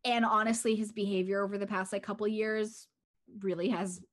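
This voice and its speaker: A woman co-hosting a laid-back entertainment podcast. She rambles in a friendly, offhand way and fills her sentences with "like." Her voice sits at a middle pitch. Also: steady tone, moderate pace. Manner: rambling, constant "like" fillers. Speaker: podcast co-host. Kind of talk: casual chat.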